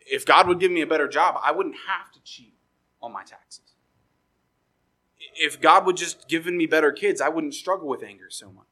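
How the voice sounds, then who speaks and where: A man preaching a sermon, animated and acting out quoted voices as he goes. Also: fairly high pitch, normal speed, low-quality recording. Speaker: pastor.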